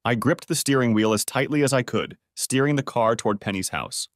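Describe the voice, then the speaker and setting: A man's voice: mid-range voice, fairly quick, dry recording, studio quality. A man narrating a first-person audiobook story in a dramatic, emotive reading.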